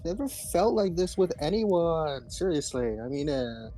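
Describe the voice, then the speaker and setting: A player voicing a lovestruck young adult from the protagonist's past, in a lowered, self-deprecating voice while reading a game aloud. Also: very animated, a little slow, mellow, soft background music. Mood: earnest.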